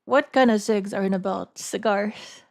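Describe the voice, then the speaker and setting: With a gravelly, mid-range voice, a woman streamer chats informally to her audience during a live stream. She hesitates and repeats words while thinking out loud.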